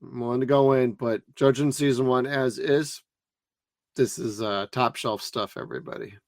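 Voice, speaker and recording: A man co-hosting a casual podcast chat, relaxed and swearing casually as he thinks aloud. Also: medium pitch, moderate pace, creaky, no echo, clean studio sound. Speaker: co-host.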